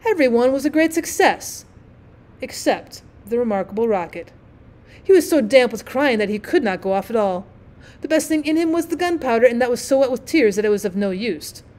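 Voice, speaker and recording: A woman teacher reads a classic short story aloud, shaping each sentence with storytelling expression. Her voice sits a little high. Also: animated, fairly quick, a little mellow. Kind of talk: audiobook story reading.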